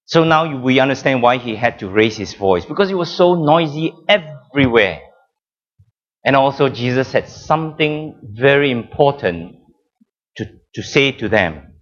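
A man preaching a sermon with emphatic, drawn-out phrasing, dramatic pauses and frequent repetitions. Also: mid-range voice, sing-song, muffled recording.

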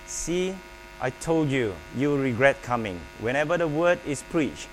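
A man preaching a sermon, emphatic and paced with pauses, calling on the congregation to repeat his words. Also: medium pitch, expressive, rough recording. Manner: emphatic, with pauses and call-and-response prompts. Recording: faint mains hum.

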